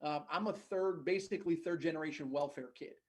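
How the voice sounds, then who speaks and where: Fast-talking New Jersey man. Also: a little high. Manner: fast, earnest storytelling. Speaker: podcast guest, agency executive. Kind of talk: casual podcast interview.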